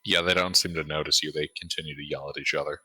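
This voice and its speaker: Deep-voiced man running a tabletop game. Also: quick pace, no room sound, poor audio. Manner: relaxed, with many uh fillers. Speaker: game master.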